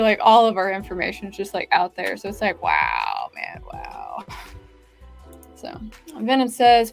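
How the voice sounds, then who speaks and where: Casual woman streamer reading chat out loud, rambly and friendly-chatty, faint music in the back. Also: medium pitch. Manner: chatty, reads viewer comments aloud, many "like" fillers. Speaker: streamer hosting writing sprints.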